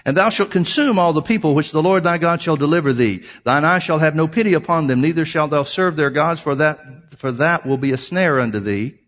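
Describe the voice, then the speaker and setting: A man's voice: a little high, fairly quick, hardly any pauses, fairly bright tone. A man preaching a sermon, reading scripture aloud and explaining it, emphatic and repeating key phrases for his listeners.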